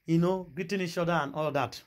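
A woman with a Nigerian accent telling a gossip story in a casual vlog, animated and exclamatory, mixing Pidgin and English. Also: lowish voice, fast talker. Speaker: gossip vlogger.

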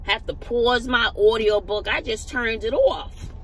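A woman's voice: fairly high pitch, unhurried, slight background noise, low-quality recording. A woman, a teacher, casually telling a story to her camera while sitting in her car, acting out what people said. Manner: animated storyteller, acts out quotes. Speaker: vlogger, schoolteacher.

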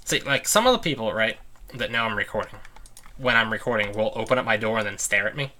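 A man's voice: lowish voice, expressive, fast, bright, forceful tone. A man giving gameplay commentary from a room at home, ranting in irritation and laughing it off. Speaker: let's play host.

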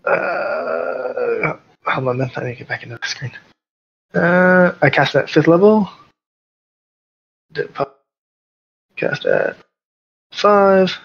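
A man playing a character in a tabletop game, talking hesitantly with many pauses and restarts. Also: fairly high pitch, wildly swooping pitch, creaky, husky. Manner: hesitant, lots of uh and restarts, chuckling. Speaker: player. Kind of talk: casual tabletop game chat. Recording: dull lo-fi voice chat audio.

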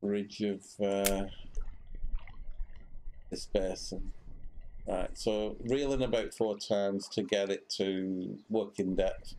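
A man's voice: fairly low pitch, fairly even intonation, slow pace, pauses often, dark tone, a little hiss or hum. A man giving casual commentary while streaming a fishing game, rambling with many fillers and restarts.

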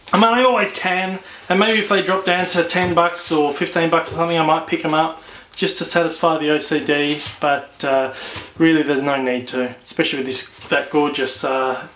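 A man's voice: a little high, a bit bright, reverberant, slight background noise. A man with an Australian accent casually reviewing books on video, enthusiastic and prone to repeating words. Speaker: book reviewer.

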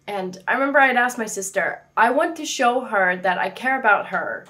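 A woman's voice: medium pitch, normal speed, few pauses, pushed and bright. A woman hosting a faith vlog from her apartment, chatting casually with jokey, playful asides. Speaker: faith video host.

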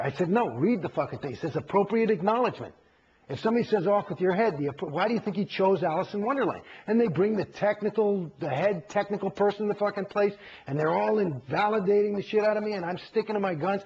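Gravelly, husky man telling a story. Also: high voice, fast talker, dull audio. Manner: profane, animated, acts out quoted exchanges. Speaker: interviewee. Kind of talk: candid interview storytelling.

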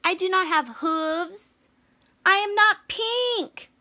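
A woman voicing a gentle young male elephant in a children's storybook read-aloud, who speaks slowly and earnestly in a sorry tone. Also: very high-pitched, pitched above the performer's own voice, full character voice. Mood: sad.

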